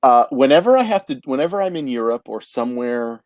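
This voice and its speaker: A man from Canada hosting a casual talk show, halting and stammering with frequent restarts. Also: mid-range voice, expressive, darkish tone, no echo. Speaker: podcast host. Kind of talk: casual chat.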